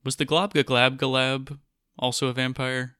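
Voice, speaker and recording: A man's voice: medium pitch, flat delivery, moderate pace, pushed and bright, clean tone, no echo. Easygoing male podcast co-host, dry sound. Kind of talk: casual podcast chat.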